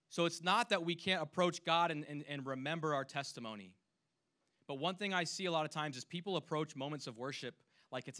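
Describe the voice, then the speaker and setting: A youth pastor delivering a sermon in a bright, forceful voice that sits a little high for a man. He talks earnestly, sinking to a hush on key points and then lifting back to full, loud emphasis. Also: fairly quick. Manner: earnest, swings between hushed and loud emphasis; acts out imagined voices when quoting.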